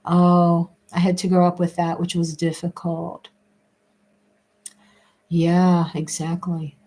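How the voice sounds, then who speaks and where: A woman hosting a casual chat, reading viewer comments aloud and musing with frequent restarts and soft laughs. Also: fairly low pitch, monotone, slow pace. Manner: rambling, restarts often, laughs between thoughts.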